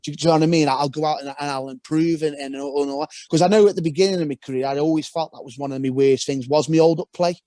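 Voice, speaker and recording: A man's voice: fairly high pitch, steady tone, rapid-fire, few pauses, warm tone, no echo. A young man, a former footballer, talking casually as a podcast guest in a rambling storytelling way with frequent restarts.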